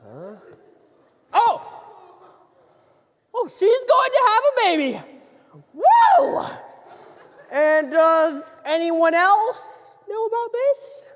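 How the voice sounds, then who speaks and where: A woman's voice: very high-pitched, takes it slowly, full character voice. A woman playing a playful court jester in a live stage musical, guessing aloud with many fillers. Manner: animated guessing, lots of oh's and ums. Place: theater stage. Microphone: far camera. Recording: reverberant theater.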